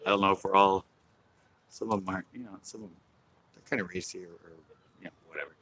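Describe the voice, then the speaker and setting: A man's voice: low-pitched, steady tone, fast, fairly bright tone, low-quality recording. A man hosting a casual fishing live stream outdoors on a pier, rambling and chuckling as he talks. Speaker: fishing livestream host.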